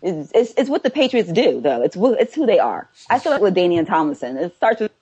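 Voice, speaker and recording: A woman with a husky, slightly breathy voice, pitched a little low, talking sports in casual chat. She argues her point with emphatic rhetorical questions. The sound is dull and lo-fi. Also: sing-song, fairly quick, dark tone. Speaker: podcast co-host.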